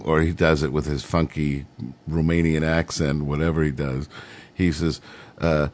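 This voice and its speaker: A man's voice: sits low, steady tone, normal speed, darkish tone. A middle-aged man hosting a radio show, rambling casually between songs with lots of fillers. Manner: rambling, laid-back, many fillers.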